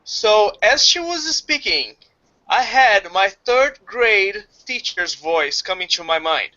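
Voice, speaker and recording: A man who speaks natively, telling a story in casual chat with lively retelling. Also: sits high, takes it slowly. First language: Portuguese. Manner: animated storytelling, acts out voices. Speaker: study group organizer. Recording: dull lo-fi audio.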